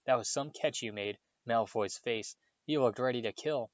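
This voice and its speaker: A man's voice: mid-range voice, normal speed, no echo, natural voice. A cheerful teenage schoolboy from a storybook, voiced by a male reader. He chats in a teasing, easygoing way. The voice stays close to the reader's own, in a dry, dull recording. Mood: chatty.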